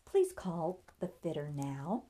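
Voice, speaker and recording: This is a confident young heroine in a storybook, voiced by a woman reader. She speaks calmly and kindly, in a low, even voice. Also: takes it slowly, full character voice. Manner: calm, even, friendly.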